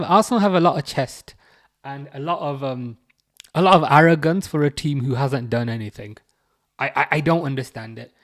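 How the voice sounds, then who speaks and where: Chatty English man streaming football. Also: medium pitch. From England. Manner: chatty, reads chat messages aloud, teasing. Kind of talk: casual live-stream chat.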